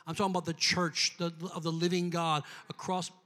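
This man, a pastor, speaks fairly quickly in a fairly high, level voice with a sharp tone. His sermon in the church sanctuary builds to fervent call-and-response with the congregation. The recording has long hall reverb.

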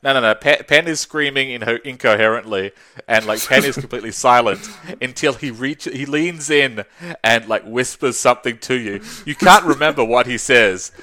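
A man's voice: medium pitch, moderate pace, bright, forceful tone. A man chatting casually about a tabletop game, rambling, swearing freely and laughing often. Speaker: tabletop game podcast co-host. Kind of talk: casual chat.

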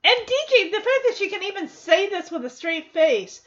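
A woman's voice: extremely high pitch, big pitch swings, moderate pace, few pauses, a bit bright, dull audio. A woman casually recapping a sitcom episode, chatty with wry asides. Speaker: show recap host.

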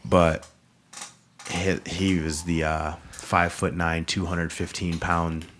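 A man with a low, unhurried voice hosts a casual podcast, telling rambling stories full of swearing. A faint hiss sits under the recording. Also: little pitch movement, fairly bright tone. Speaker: podcast host. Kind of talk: casual chat over drinks.

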